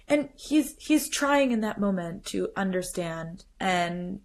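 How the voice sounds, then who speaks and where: A woman's voice: mid-range voice, lively intonation, slow, hardly any pauses. A woman hosting a podcast, talking casually and animatedly, retelling scenes with quoted lines and frequent "like" fillers. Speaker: podcast host. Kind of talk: casual solo commentary.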